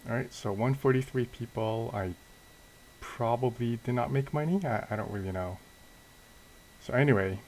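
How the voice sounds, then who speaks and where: Hesitant, low-voiced young man. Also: slight background noise, low-quality recording. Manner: hesitant, self-deprecating, many restarts. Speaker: channel host narrating a wrestling sim. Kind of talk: casual game narration.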